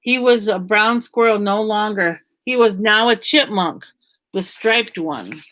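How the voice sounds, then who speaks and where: A woman reading a children's story aloud at a gentle, even storytelling pace. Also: medium pitch, measured pace.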